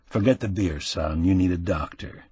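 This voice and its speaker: Calm shrewd avuncular man, done by a male narrator, steady, husky, dry close sound. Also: fairly low pitch, moderate pace, no echo. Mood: stern concern.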